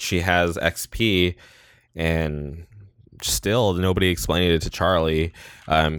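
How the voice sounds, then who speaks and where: A man's voice: a bass voice, smooth, no room sound, studio quality. A man hosting a podcast, casually recapping a movie and rambling with lots of "like" and "um". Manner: rambling, heavy use of "like" and "um". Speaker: podcast host.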